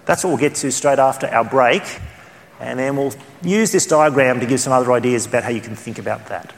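A man with an Australian accent leading a church training session, talking in an animated, conversational way with sudden rises in pitch. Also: fairly quick, creaky, a little hiss or hum. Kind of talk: teaching session. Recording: reverberant hall.

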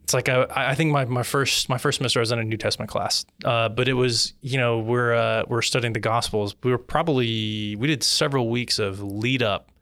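A man's voice: mid-range voice, steady tone, brisk, hardly any pauses, a bit bright, dry recording, clean studio sound. A man hosting a podcast, asking friendly, curious questions in casual conversation. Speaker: podcast host.

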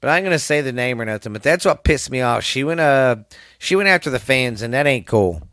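A man's voice: medium pitch, animated, brisk, fairly bright tone, dry recording, clean studio sound. A middle-aged man with a Southern US accent hosting his own podcast alone, rambling in a profane, fired-up drawl. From American South. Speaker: podcast host. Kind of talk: casual solo podcast rant.

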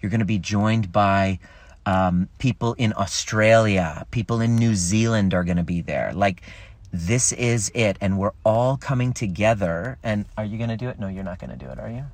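A fairly low-voiced man speaks straight to his viewers on a live stream from home. He talks in an animated, casual way, laughing often and dropping swear words as he coaches. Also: normal speed, dry recording. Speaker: relationship coach. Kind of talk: casual Facebook Live talk.

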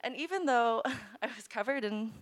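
A woman scientist telling a personal story live on stage, lively and chatty, laughing often and using many "like" fillers. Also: a little high, moderate pace. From United States. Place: live stage show before an audience.

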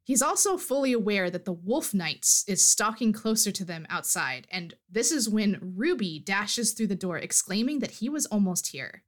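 A woman's voice: mid-range voice, animated, normal speed, hardly any pauses. A woman co-hosting a podcast, animatedly recapping a fantasy story in casual chat. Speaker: podcast co-host.

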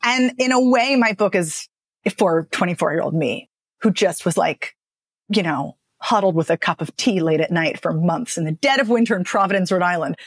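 A woman who works as a speech and dialect coach, talking about her path in a chatty, animated podcast interview and laughing often. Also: fairly low pitch, normal speed, husky, dry recording, clean studio sound.

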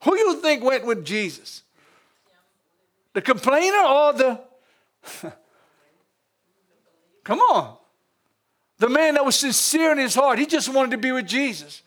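Louisiana pastor, high-pitched male voice, lively preaching style. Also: unhurried, pauses often. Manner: lively preaching with frequent laughs and call-outs to the congregation. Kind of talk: sermon.

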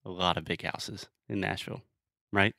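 Man, podcast co-host, low voice, dry close sound, playful explainer. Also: steady tone, moderate pace, bright, forceful tone, no echo. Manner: explains clearly, playful, teasing. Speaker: podcast co-host, English teacher. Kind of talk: casual conversational English lesson.

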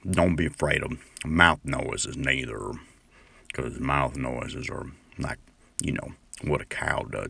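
A man voicing a slow, drawling male magic cow with a Southern accent, wide vowels and chewing mouth noises. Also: a bass voice, vocal fry, sharp tone, no room sound, voice pushed down, full character voice. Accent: American Southern. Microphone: call recording.

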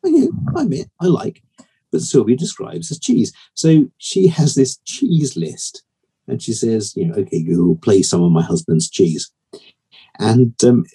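A man's voice: mid-range voice, gravelly, dark tone, slightly rough. A man chatting casually as a podcast co-host, telling stories and laughing often. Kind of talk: casual chat.

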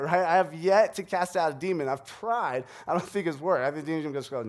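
A man's voice: on the high side, animated, fairly quick, few pauses. A man in his thirties, a pastor, preaching a sermon in a conversational, joking storytelling way. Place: church sanctuary.

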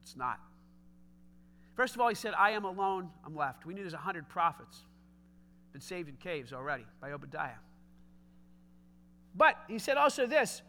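A man preaching a sermon, swinging between loud emphatic lines and hushed low asides, often asking the congregation direct questions. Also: big pitch swings, moderate pace, pauses often. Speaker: pastor.

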